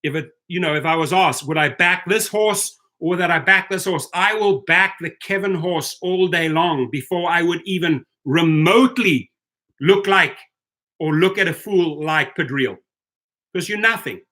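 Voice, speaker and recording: On a livestream, a man who hosts a rideshare drivers' channel reads chat and rants with real heat, tripping over restarts. His voice runs on the high side, sharp in tone, at a normal speed.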